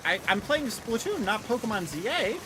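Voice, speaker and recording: A woman live streaming a video game, talking in an excitable, rambling way with many restarts. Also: a little high, moderate pace, background noise. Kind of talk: live gameplay stream chat. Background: music.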